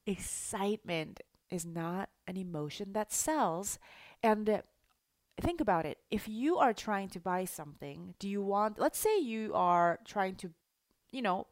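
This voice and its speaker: A woman's voice: mid-range voice, dry recording, studio quality. Bubbly, emphatic woman coach. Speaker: life coach. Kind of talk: teaching monologue.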